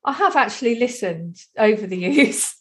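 A woman's voice: a little high, lively intonation, normal speed. A woman in casual spiritual conversation, talking reflectively and rambling, with frequent "you know.".

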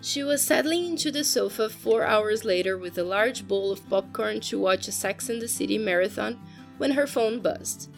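A woman narrating a story in a steady, even audiobook style. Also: mid-range voice, normal speed, vocal fry, soft background music.

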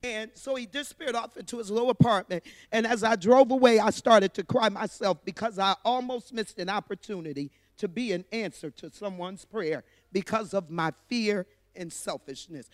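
A woman's voice: medium pitch, moderate pace, few pauses, no echo, clean studio sound, big-room sound. A woman sharing a personal testimony at church, telling her story earnestly and from the heart.

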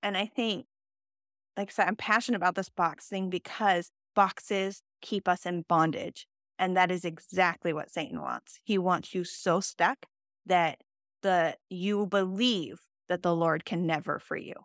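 A woman and mother co-hosting a faith podcast, talking in an earnest and animated way. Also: on the low side, a little slow, no echo, studio quality. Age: adult with children. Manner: earnest, animated, laughs while telling stories. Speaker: podcast co-host.

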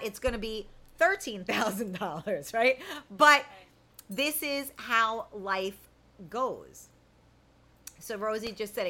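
A woman's voice: on the high side, sharp tone, rough recording. A woman chatting casually as a host, reading viewer comments aloud and laughing often. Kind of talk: casual chat.

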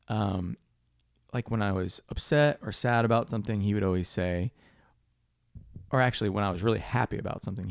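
Young guy on a podcast, gravelly kinda low voice, rambles a lot, swears casually, dry close mic. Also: no room sound. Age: young adult. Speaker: podcast co-host.

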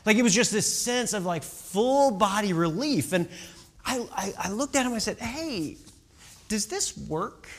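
Animated, chatty man telling a story. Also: high voice, moderate pace. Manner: chatty, animated, fillers and "right?" asides. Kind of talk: casual storytelling talk.

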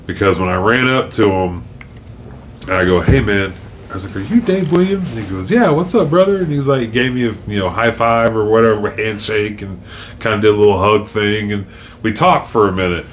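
A man co-hosting a podcast in relaxed, jokey casual chat, telling stories. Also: brisk. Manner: laid-back, jokey, acts out quotes in high voices. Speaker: podcast co-host. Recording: faint background noise.

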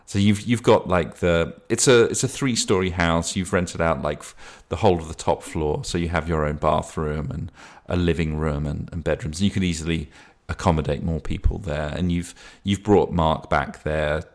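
A man's voice: deep voice, fairly even intonation, normal speed, few pauses. A man running a tabletop game as game master, narrating in a rambling, self-correcting way.

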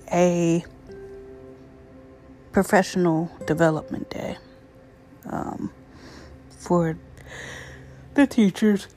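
Tired, low-voiced woman podcast host. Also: mellow. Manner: tired, rambling, breathy asides. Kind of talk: casual solo podcast. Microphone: USB microphone.

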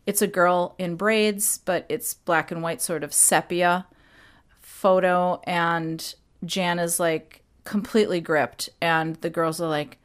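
A woman hosting a podcast, retelling a story casually with animated, quick impressions. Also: on the low side. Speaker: podcast host.

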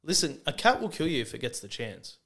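A man's voice: mid-range voice, very animated, brisk, fairly bright tone. Male co-host, blunt and emphatic, mid-range voice. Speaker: podcast co-host. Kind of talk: casual banter.

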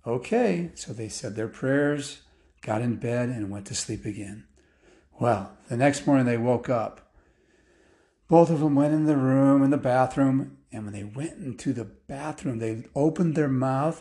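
A man spins a loose, improvised bedtime story, full of asides and filler words. His voice is mellow and darkish, and his pitch sits mid-range. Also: moderate pace.

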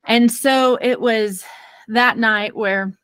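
A woman guest in an interview, telling a personal parenting story in an earnest, expressive way and laughing easily. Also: on the high side, slow pace, smooth, dry recording.

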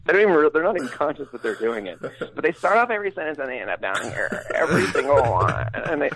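A man's voice: a little high, very animated, fast, fairly bright tone, poor audio. A middle-aged man who works as a voice actor, chatting casually and rambling with frequent laughs. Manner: easygoing, laughs often, rambling asides. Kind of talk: casual conversation.

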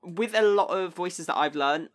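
A man co-hosting a podcast, chatting in a relaxed way about his own experience of role-play. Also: high voice, moderate pace. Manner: relaxed, laughs easily, talks through his experience. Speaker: podcast co-host. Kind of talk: casual chat about tabletop role-play.

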